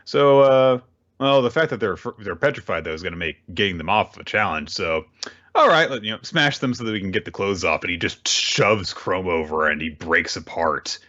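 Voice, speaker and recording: A man's voice: low-pitched, moderate pace, fairly bright tone, muffled recording. A man hosting a casual recap show, talking animatedly with bursts of swearing and voiced character lines. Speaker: podcast host. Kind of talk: casual manga recap chat.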